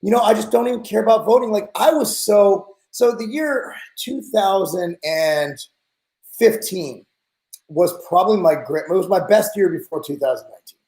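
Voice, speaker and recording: Podcast host, man in his forties, high-pitched, blunt exasperated rant, echoey room. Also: moderate pace, darkish tone. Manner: blunt, profane, exasperated ranting.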